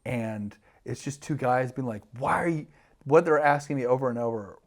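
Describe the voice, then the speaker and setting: A man's voice: mid-range voice, normal speed. Rambling man telling a story. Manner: rambling, many fillers and restarts, acts out voices. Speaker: podcast guest, TV producer. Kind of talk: animated storytelling.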